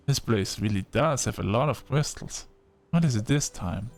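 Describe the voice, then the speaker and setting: A chatty man gives relaxed commentary while he plays a video game, reading on-screen dialogue aloud as he goes. His voice sits at a middling pitch, with soft music faintly behind him. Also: normal speed, creaky. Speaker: gaming video creator. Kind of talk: casual let's-play commentary.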